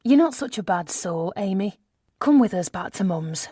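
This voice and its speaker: A woman's voice: medium pitch, lively intonation, moderate pace, dark tone, breathy edge, no echo, clean studio sound. A woman narrator voicing a frank, friendly younger woman who speaks encouragingly.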